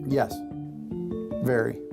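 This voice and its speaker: A man's voice: mid-range voice, little pitch movement, extremely slow, vocal fry, over music. A man, a fire chief, giving cautious interview answers with restarts.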